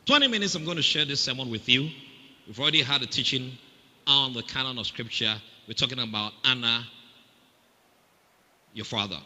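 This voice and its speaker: Ghanaian preacher guy, super bright cutting voice, big church hall echo, keeps asking the crowd to say amen. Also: medium pitch, a little fast, long pauses. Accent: Ghanaian English. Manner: animated, banters with the congregation. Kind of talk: sermon with call-and-response.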